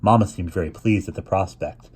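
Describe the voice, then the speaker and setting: Reading aloud from a children's novel, a man speaks in a low, husky tone at a calm pace. The delivery stays steady and unhurried, broken only by a few small stumbles and restarts.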